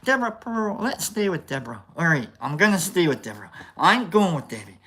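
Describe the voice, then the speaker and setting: A woman putting on a wobbly fake Scottish accent that slips into other accents as she reads out chat in a loose, rambling livestream. Her bright voice swings widely up and down, playful and self-mocking, with casual swearing. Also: fairly low pitch, very animated, brisk, slightly rough. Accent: put-on Scottish accent, drifting into other accents. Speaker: livestream host reading chat. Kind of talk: casual live-stream chat.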